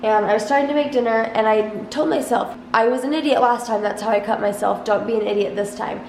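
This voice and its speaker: A woman's voice: on the high side, quick pace, darkish tone, echoey room, a little hiss or hum, poor audio. A young woman vlogging from her home kitchen, rambling in a casual chat full of "like". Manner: rambling, heavy use of "like". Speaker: vlogger and mother. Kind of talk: casual vlog talk to camera. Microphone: handheld vlog camera.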